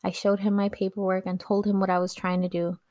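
Woman host, personal memoir narration, reflective, level pitch, dry studio sound. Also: flat delivery, fairly quick, mellow, no echo. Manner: earnest, reflective storytelling. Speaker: podcast host telling her own story.

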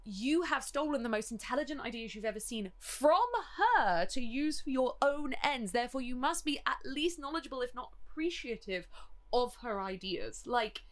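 A woman's voice: a little high, expressive, moderate pace. A young woman co-hosting a casual book discussion, thinking aloud with analytical enthusiasm. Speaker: podcast co-host.

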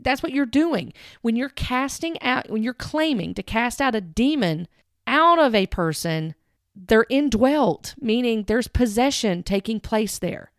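A woman's voice: a little high, lively intonation, unhurried, no room sound, studio quality. A woman giving earnest, direct commentary, stressing key words as she talks it through. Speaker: Christian commentator. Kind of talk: earnest commentary with read-aloud quotes.

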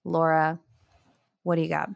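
A woman's voice: low-pitched, monotone, creaky, no room sound, clean studio sound. A young woman co-hosting a podcast, chatting casually and reading parts of an article aloud. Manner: chatty, fast, many "like"s. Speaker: podcast co-host, Montessori teacher.

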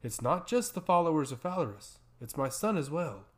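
A man's voice: fairly high pitch, very animated, a little fast. A man doing an urgent pleading blacksmith. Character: determined male blacksmith father, pleading.

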